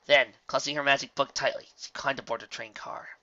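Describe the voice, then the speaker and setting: Man narrator, expressive storybook reader, dry lo-fi sound. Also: mid-range voice, brisk, dry recording. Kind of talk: fan fiction audiobook narration.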